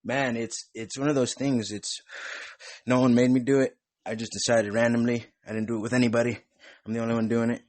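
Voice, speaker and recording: A man's voice: medium pitch, level tone, fairly quick, darkish tone, dry recording. A young man hosting a podcast, chatting in a loose, rambling way with plenty of cursing. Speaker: podcast host. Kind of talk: casual chat.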